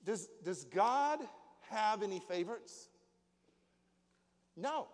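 With a high, lively voice and a slow pace, a middle-aged man delivers a folksy sermon as pastor, posing questions to his congregation along the way. The church hall setting gives a long reverb.

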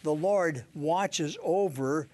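An older man giving an informal sermon on scripture, halting, with many "uh"s, restarts and little chuckles. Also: a little high, a little mellow. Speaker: Bible teacher.

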